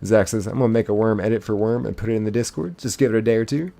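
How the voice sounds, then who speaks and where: A male streamer on a live gaming broadcast, rattling off chat messages one after another in a playful, excitable way. His voice sits a little low and sounds warm and dark. He talks loosely and casually, like he's hanging out with his viewers. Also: gravelly, soft background music. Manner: reads chat messages aloud in quick succession, playful and excitable; casual, uses "y'all".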